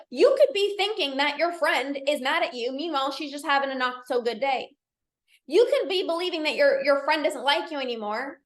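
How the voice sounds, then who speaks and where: A woman's voice: high-pitched, roomy sound. A woman coach and podcast host giving an upbeat, chatty pep talk to her live audience. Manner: upbeat, chatty, encouraging, many "like"s and repeats.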